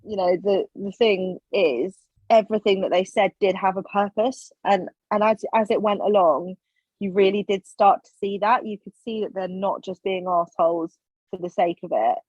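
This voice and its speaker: A woman's voice: medium pitch, normal speed, slightly rough, no echo. A woman, a podcast guest, telling stories in casual chat and acting out what others said. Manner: animated, acts out quoted lines. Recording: slightly dull, dry sound.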